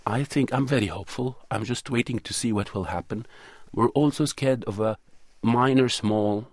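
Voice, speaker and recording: Medium-pitched and speaking at normal speed, a documentary producer and cinematographer answers interview questions with earnest thought, often pausing to find his words. The audio is studio quality with no echo.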